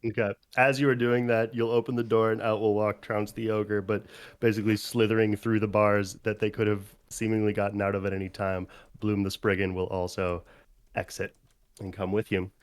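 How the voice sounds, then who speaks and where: A man's voice: fairly low pitch, flat delivery, brisk, clear, resonant tone, no echo. A man narrating as game master, rambling casually with fillers.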